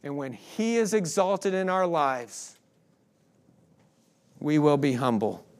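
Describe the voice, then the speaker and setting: Male pastor, high voice, emphatic scripture reading and prayer. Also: big pitch swings, slow pace, a little mellow.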